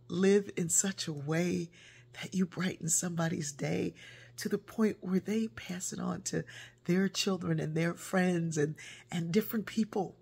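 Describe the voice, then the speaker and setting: An older woman with a husky voice tells personal family stories in an animated way, laughing often and acting out the voices of relatives. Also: lowish voice, moderate pace. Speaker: speaker telling a personal story. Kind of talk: personal storytelling.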